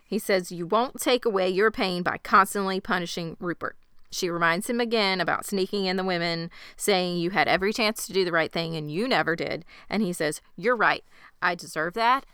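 A woman in casual chat, recapping an episode with animated retellings and quoted character lines. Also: on the low side, moderate pace, smooth, no echo, studio quality. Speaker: podcast co-host.

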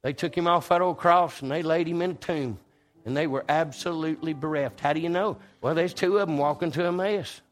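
A man preaching a folksy, storytelling sermon that swings between loud and hushed. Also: on the high side, brisk.

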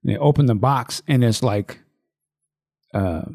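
A man chatting casually on a podcast. He tells the story in an animated, profane way, jumping into the characters' voices as he goes. His voice sits at an ordinary middle pitch. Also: measured pace. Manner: animated, profane storytelling with acted-out quotes and laughs. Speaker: podcast co-host. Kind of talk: casual chat retelling a movie.

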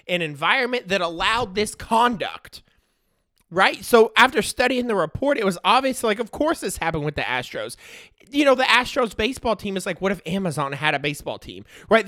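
A man's voice: high-pitched, bright, forceful tone, no echo, studio quality. A man in his thirties telling a comic story in a slangy way, checking in with the listener all the time. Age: 30s.

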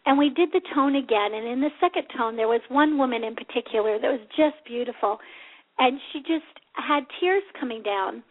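Gentle woman on a tinny phone line. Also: on the high side. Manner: gentle, unhurried, with many pauses. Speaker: spiritual radio show host. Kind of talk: reflective spiritual talk. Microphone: phone call.

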